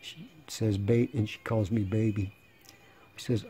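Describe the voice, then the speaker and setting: A man in his sixties tells a story in a rambling, sarcastic way and chuckles now and then. His voice is dark and husky, a little hoarse. Faint music plays underneath. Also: fairly low pitch, flat delivery, unhurried. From United States. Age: 60s. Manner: sarcastic, rambling, laughing between lines. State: slightly hoarse. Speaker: channel host. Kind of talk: casual monologue.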